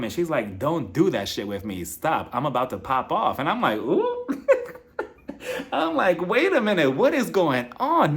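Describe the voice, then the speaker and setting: A man giving a casual, animated recap of a reality TV episode, acting out quotes and laughing often. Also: medium pitch.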